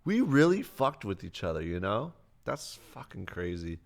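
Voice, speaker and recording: Man, very deep voice, casual stream chat, rambling, swears freely, close mic. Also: sing-song, normal speed, gravelly. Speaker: streamer answering chat questions. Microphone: close desk mic.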